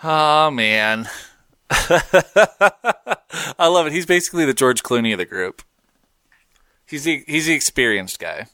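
A man's voice: medium pitch, measured pace, long pauses. A man co-hosting a podcast, bantering casually and laughing easily. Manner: animated, joking, laughs easily. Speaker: podcast co-host.

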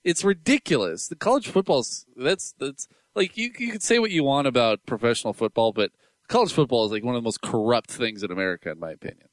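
Lively male co-host, opinionated and quick to laugh, dry studio sound. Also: mid-range voice, no echo. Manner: animated, laughs often, opinionated. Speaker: radio show co-host. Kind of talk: casual radio banter.

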